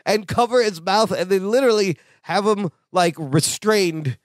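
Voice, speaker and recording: A man with a fairly high voice co-hosts a podcast, chatting casually as he recaps a sitcom. He laughs often and acts out the characters' lines. The sound is dry and close. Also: moderate pace, no echo. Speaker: podcast co-host.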